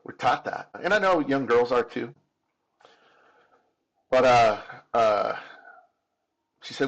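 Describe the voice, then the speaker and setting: A man's voice: medium pitch, animated, takes it slowly, pauses often, dull audio. A man in his fifties telling his own story as an interview guest, candid and earnest, often restarting and repeating words. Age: 50s. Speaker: podcast guest.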